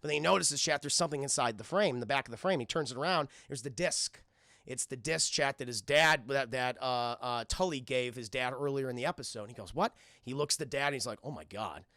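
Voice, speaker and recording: A man's voice: medium pitch, fast talker, pushed and bright, dry recording. A man casually retelling and reviewing a cartoon episode for his live chat, rambling, swearing and restarting often. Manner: rambling, profane, keeps addressing the chat, frequent restarts.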